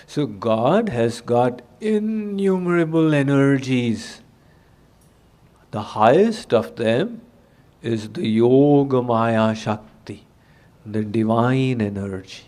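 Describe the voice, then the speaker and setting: Slow, measured male spiritual teacher. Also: medium pitch, expressive, darkish tone. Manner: slow, measured storytelling with dramatic quoted voices. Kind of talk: sermon storytelling.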